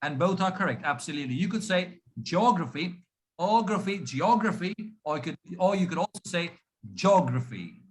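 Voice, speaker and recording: A man teaching pronunciation over a video call, stretching out words slowly and patiently to demonstrate stress. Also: on the high side, rough recording. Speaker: pronunciation coach. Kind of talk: online speaking lesson.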